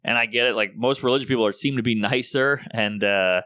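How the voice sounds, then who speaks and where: A man, a comedian, talking in a casual podcast conversation and telling animated stories, acting out the voices of people he quotes. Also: mid-range voice, a little fast, smooth, dry recording, clean studio sound. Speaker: comedian guest.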